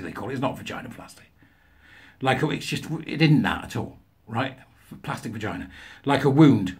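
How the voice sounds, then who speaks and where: A man reading news articles aloud and mocking them with sarcastic, scornful asides, often laughing at his own jokes. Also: medium pitch. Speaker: commentator.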